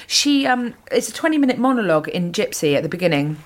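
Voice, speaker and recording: A woman's voice: mid-range voice, quick pace. Chatty woman telling stories. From Bristol, England. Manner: animated, swearing, quotes others in voices. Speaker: comedian guest. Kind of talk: casual podcast chat, storytelling.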